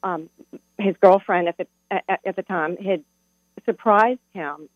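A woman's voice: mid-range voice, measured pace, no room sound. A middle-aged woman calling in to a radio show, telling a heartfelt personal story. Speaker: caller. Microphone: telephone. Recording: tinny phone line with hum.

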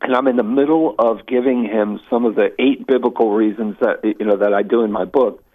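A man's voice: lowish voice, a little fast. A man, a Catholic apologist, telling stories as a guest on a radio interview, full of restarts and asides. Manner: animated storyteller with many restarts. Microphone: phone call into radio show. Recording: tinny phone line.

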